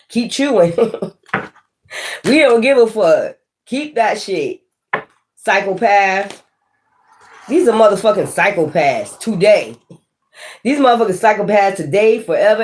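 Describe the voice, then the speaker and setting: A woman's voice: medium pitch, darkish tone. A woman giving a tarot reading in a blunt, profane manner, laughing often and talking straight to the listener. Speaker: tarot reader.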